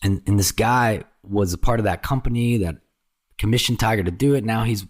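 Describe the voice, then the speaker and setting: A man telling golf trip stories in casual chat, lively and swearing freely, often acting out the people he quotes. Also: lowish voice, brisk. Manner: animated, jumps into quoted voices, swears freely.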